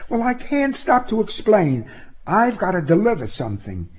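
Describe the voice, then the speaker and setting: Man doing a young college woman, high lively voice, brisk, apologetic, lo-fi sound. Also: a little hiss or hum.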